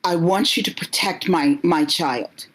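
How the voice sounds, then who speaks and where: A woman voicing a loving, protective mother who speaks softly and reassuringly at a slow pace. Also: fairly low pitch, low-quality recording. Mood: tender. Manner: soft, reassuring, pleading.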